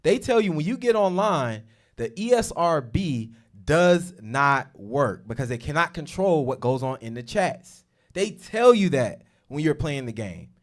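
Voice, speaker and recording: Male host, informal explainer, emphatic, lively pitch. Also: measured pace. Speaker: show host. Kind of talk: casual teaching discussion.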